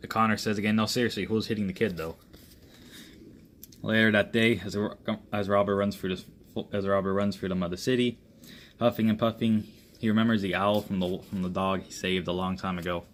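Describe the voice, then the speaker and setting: A man with a fairly low voice tells an improvised action story. He rambles and restarts often, and voices each character's lines himself instead of reading from a polished script. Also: a bit bright, a little hiss or hum. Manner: rambling, halting delivery with frequent restarts. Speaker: amateur storyteller.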